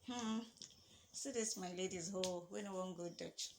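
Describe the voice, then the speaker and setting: A woman's voice: on the low side, normal speed, music in the background. A woman hosting a casual panel discussion, playful and teasing. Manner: playful, teasing, laughs easily. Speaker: host. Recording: faint background noise.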